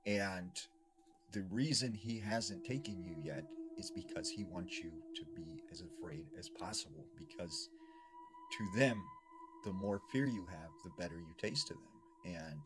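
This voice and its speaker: A man voicing a grave older male medicine man who gives a solemn, measured warning. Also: deep voice, lively intonation.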